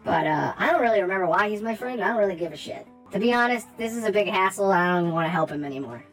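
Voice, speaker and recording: A woman's voice: mid-range voice, expressive, very fast, soft background music, lightly acted, poor audio. A woman voicing a crude, smug female goblin wizard who swears freely and brags about being the best wizard. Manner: crude, brash, dismissive.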